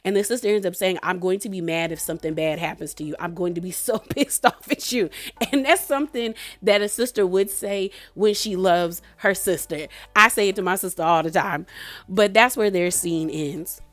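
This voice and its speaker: A young woman giving a casual, animated recap of a reality show. She laughs often and acts out the lines she quotes. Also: lowish voice, normal speed, no echo. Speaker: reality TV reviewer.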